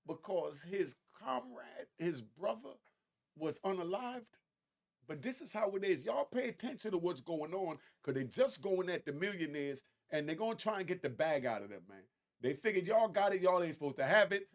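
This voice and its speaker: A man hosts a casual talk commentary with a fairly high voice. He talks straight to his audience in a loose, conversational way. On key points he gets animated and his pitch climbs sharply. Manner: conversational, addresses viewers directly. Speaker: commentary host.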